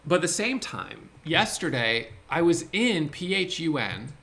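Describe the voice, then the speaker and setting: A man who is a day trader, recapping his trades in a casual screen-share talk. He thinks aloud in an excitable way, with quick restarts. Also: a little high, creaky.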